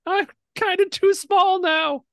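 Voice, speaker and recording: A man voicing a tiny shrunken male minotaur, squeaky and indignant. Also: fairly even intonation, slow pace, vocal fry, a bit bright, no room sound, studio quality, full character voice. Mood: sulky. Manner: squeaky, indignant, sputtering complaints.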